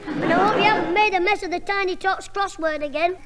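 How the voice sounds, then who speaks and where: An actor playing a cheeky, wisecracking young schoolboy, in a vintage radio comedy. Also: male voice, very high-pitched, fast talker, a loud crowd. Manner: cheeky backchat. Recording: old broadcast with hall reverb and faint hiss.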